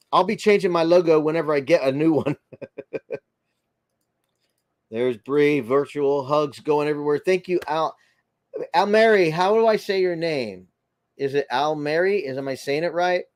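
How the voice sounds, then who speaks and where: A man's voice: on the high side, unhurried, dry recording, clean studio sound. An American man hosting a casual livestream, greeting viewers by name and chatting through their comments in a friendly, rambling way. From United States. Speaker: livestream host.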